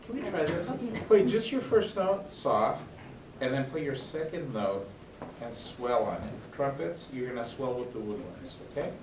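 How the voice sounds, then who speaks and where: A man's voice: mid-range voice, lively intonation, normal speed, far from the mic, noisy background. Man coaching a band in a roomy hall. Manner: coaching, often asks if it makes sense. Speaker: band conductor. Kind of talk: rehearsal instruction. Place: school band room. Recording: roomy, off-mic, band playing.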